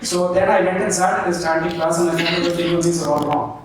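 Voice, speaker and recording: A man's voice: on the high side, little pitch movement, fast, slight background noise. Teacherly man in an echoey hall. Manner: teacherly, with frequent "okay?" and "right?" check-ins; leads the audience through movement drills. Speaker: pianist giving a talk. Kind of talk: public talk and panel answer. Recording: very echoey hall, distant mic.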